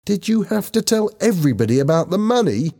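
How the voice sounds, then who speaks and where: A man voicing Lisa, a quick-tempered teenage schoolgirl who speaks sharply and indignantly. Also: mid-range voice, sing-song, darkish tone, pitched above the performer's own voice.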